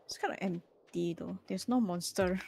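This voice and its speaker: A young woman guesting on a gaming stream, chatting excitedly and reacting quickly as she plays. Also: fairly low pitch, vocal fry, slight background noise. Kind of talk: casual gaming chat.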